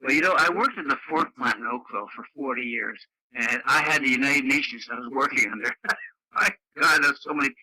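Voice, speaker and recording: A man's voice: mid-range voice, a little fast, sharp tone, husky, dry recording, rough recording. An older man from Canada chatting bluntly on a radio net, laughing often and using lots of fillers. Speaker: radio club member. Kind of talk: casual radio chat. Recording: dry radio audio.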